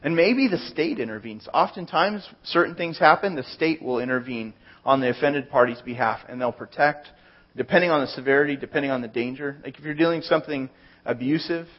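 A man's voice: mid-range voice, brisk, highs cut off. A man preaching a conversational sermon, working through plain everyday examples. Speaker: pastor.

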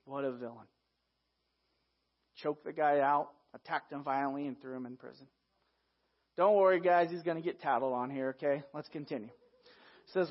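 A man preaching a sermon in a lively, conversational way, talking straight to his listeners as "guys". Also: a little high, moderate pace, long pauses. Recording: dull lo-fi recording.

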